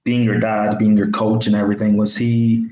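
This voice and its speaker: A man hosting a podcast, asking measured, probing questions. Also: lowish voice, little pitch movement, dark tone, reverberant, muffled recording. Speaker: podcast host. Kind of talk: interview questions.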